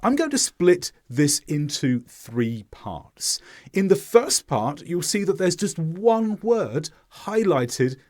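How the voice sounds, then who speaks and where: A man teaching English pronunciation in a clear, deliberate explaining voice-over. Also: sits high, very animated, a little mellow.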